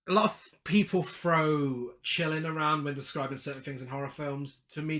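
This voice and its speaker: A man with a bright, slightly high voice co-hosts a casual film podcast. He recaps the story scene by scene and drops in laughing side comments as he goes. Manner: recaps the plot, then breaks into laughing asides. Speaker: podcast co-host.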